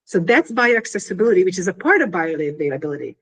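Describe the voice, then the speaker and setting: A woman in an interview explaining her invention in an animated, casual way, full of fillers and little acted-out scenes. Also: lowish voice, fast talker, slightly rough.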